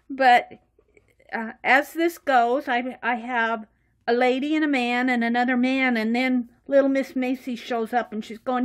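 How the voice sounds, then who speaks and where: A woman vlogger walking through her sketchbook in casual show-and-tell narration, chatty and quick to laugh. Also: on the high side, steady tone. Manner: chatty, laughs often, acts out little dialogues. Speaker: art journaling vlogger.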